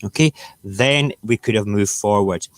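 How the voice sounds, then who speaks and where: Ranting Scottish man, low voice. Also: measured pace, no room sound. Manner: blunt, heated, swearing freely. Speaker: live show host. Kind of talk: ranting morning talk stream.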